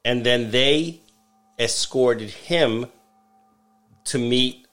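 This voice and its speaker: A man's voice: medium pitch, very slow, fairly bright tone. Man chiming in on a podcast. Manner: chiming in with short agreements and additions. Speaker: podcast co-host. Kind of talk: casual chat.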